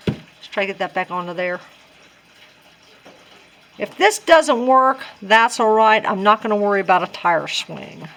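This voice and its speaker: A woman's voice: medium pitch, a bit bright, slight background noise. A woman talking casually through a craft tutorial, chatty and self-deprecating as she works things out aloud. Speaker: crafting vlogger.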